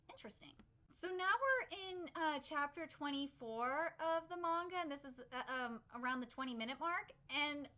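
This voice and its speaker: A young woman hosting a live anime reaction, excitable and rambling, swearing freely as she comments. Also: high-pitched.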